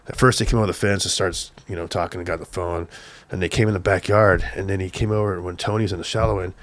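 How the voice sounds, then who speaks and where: An older man from Southern California, a guest telling an excited, profane story, acting out the shouts of the people in it. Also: sits low, quick pace, hardly any pauses. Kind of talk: animated storytelling on a podcast.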